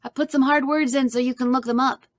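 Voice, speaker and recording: A woman's voice: sits high, steady tone, fast, dry recording, voice pushed up, close to an everyday voice. Woman doing earnest little boy, lifted voice, dry close sound. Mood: proud. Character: young boy, earnest and eager.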